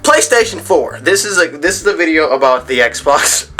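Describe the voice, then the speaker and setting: At home and talking to the camera, a man vlogs a casual rant about gaming and tech in an expressive, rather high voice at normal speed. He rambles, frequently restarting and repeating words.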